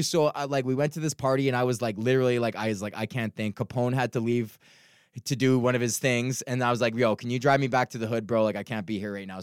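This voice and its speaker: A young man hosting a podcast, talking frankly in a rambling, profane way with many halting restarts. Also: mid-range voice, clear, resonant tone, no echo, clean studio sound. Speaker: podcast host. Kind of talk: casual rambling monologue.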